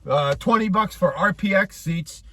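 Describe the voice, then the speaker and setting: A man's voice: high-pitched, moderate pace. A man co-hosting a casual movie review, ranting with profanity and acting out the characters as he retells the plot. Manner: animated, profane, acts out characters mid-story. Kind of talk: casual rant-style review chat.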